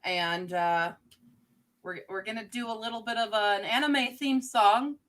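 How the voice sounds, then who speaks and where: A woman's voice: on the high side, unhurried, a bit bright. A woman author chatting playfully over a video call at a karaoke meetup, joking around and trying out silly accents. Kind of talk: casual group video chat.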